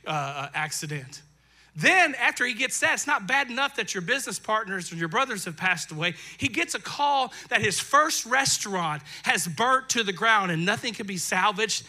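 A middle-aged male pastor preaching a lively, jokey sermon that swells into loud bursts. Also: high voice.

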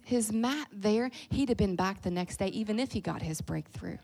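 A middle-aged woman with a Kentucky accent, preaching a sermon in a lively, folksy way that swings between loud and soft. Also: mid-range voice, normal speed.

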